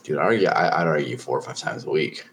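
A man's voice: a bass voice, quick pace, breathy edge. A man co-hosting a podcast, adding joking, self-deprecating comments in casual chat. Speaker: podcast co-host.

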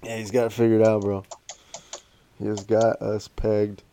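A man's voice: fairly low pitch, monotone, unhurried, warm tone, slight background noise. A man in casual chat, telling funny stories about his kids, swearing and laughing as he acts out their voices.

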